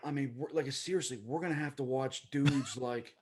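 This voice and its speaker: A man, co-hosting a casual sports chat in an excitable, jokey, rambling way. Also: mid-range voice, normal speed, a little hiss or hum. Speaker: podcast co-host.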